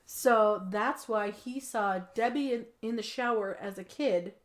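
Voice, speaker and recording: A woman hosts a relaxed podcast and retells a film scene by scene. Her talk is loose and chatty, full of "like" and casual swearing. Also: on the high side, a little slow. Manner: animated storytelling, swears freely, says 'like' often. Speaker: podcast host. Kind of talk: casual movie recap chat.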